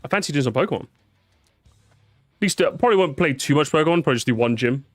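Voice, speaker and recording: A man's voice: on the high side, expressive, fast, no room sound, studio quality, faint music behind. A tired man chatting casually on a live stream, repeating words, swearing and reacting to his chat.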